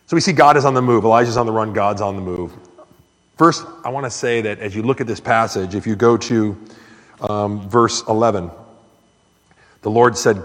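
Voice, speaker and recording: A man preaching a sermon as pastor, earnest, his voice rising and growing louder when he stresses a point. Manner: earnest, surges louder and higher on key points. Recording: echoey hall with long reverb.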